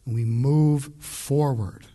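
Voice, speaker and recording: A man's voice: medium pitch, fairly even intonation, takes it slowly, warm tone. A man from the United States preaching an expository sermon as pastor, emphatic and conversational, speaking straight to his congregation.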